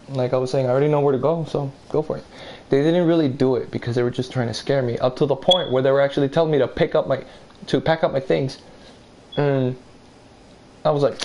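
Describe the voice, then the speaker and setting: A young man telling a story casually, rambling and swearing, putting on a higher voice for quotes. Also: expressive, fairly quick, darkish tone.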